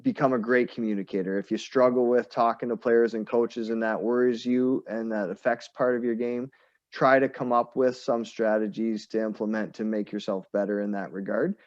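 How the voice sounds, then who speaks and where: A man hosting an online session, speaking calmly and encouragingly. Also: medium pitch, normal speed, no room sound. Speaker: host. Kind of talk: casual chat on a video call. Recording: dull, dry sound.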